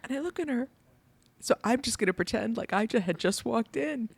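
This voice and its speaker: A woman's voice: on the high side, a little fast, vocal fry, breathy edge, no room sound. An American woman co-hosting a casual chat, telling a funny story and often laughing while she talks. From United States. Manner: animated, laughs through the story. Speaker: podcast co-host.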